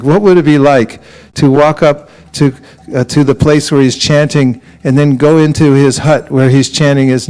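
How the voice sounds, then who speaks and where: A man giving a relaxed sermon at a temple, telling stories with laughs and acting out quotes, sometimes chanting a mantra slowly. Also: medium pitch. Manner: storytelling with laughs and acted quotes. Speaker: temple teacher.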